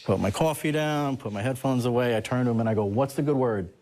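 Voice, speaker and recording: A man's voice: mid-range voice, fast, a little mellow. A man who is a guest on a talk show, animatedly telling a personal story and laughing as he goes.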